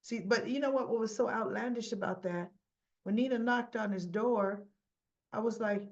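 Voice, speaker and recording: A woman's voice: fairly high pitch, moderate pace. Lady hosting a soap recap, chatty and opinionated, talks right at her viewers, slightly dull audio. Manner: acts out the characters' lines in her retelling. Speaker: soap opera recap host. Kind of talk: casual spoken recap to viewers.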